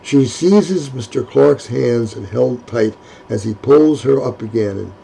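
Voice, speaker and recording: A man narrates a period romance at a steady, unhurried pace. His voice is mellow and dark, with a gravelly fry and a husky, breathy grain. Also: medium pitch, rough recording. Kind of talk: audiobook narration of a historical romance.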